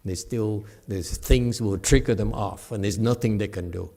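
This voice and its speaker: A middle-aged man giving a dharma talk with questions and answers, animated, laughing and acting out quoted voices. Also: on the low side, moderate pace. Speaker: meditation teacher.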